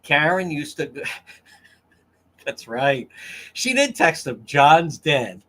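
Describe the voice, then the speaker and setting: A man's voice: on the high side, sing-song, takes it slowly, bright, forceful tone. A man hosting a casual livestream, crude and mocking as he reads comments from chat. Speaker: livestream host.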